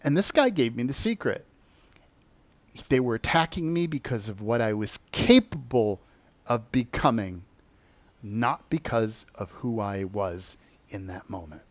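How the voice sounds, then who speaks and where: Man, spiritual teacher, storytelling, lively pitch, dry close sound. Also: unhurried, no room sound. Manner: animated, acts out quoted voices. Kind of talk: personal storytelling talk.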